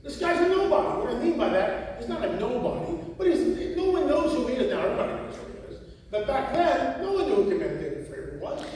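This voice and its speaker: A man's voice: very high voice, fast, hardly any pauses. Guy giving a talk, lots of "why not?" questions, really echoey far-off hall sound. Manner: animated, rhetorical questions. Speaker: conference speaker. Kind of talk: lecture to a live audience.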